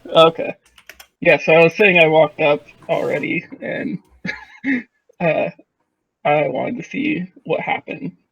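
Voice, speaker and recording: A man's voice: on the high side, slow, gravelly, long pauses, a bit bright, husky, no echo, rough recording. A laid-back man playing in a tabletop game over voice chat. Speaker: player.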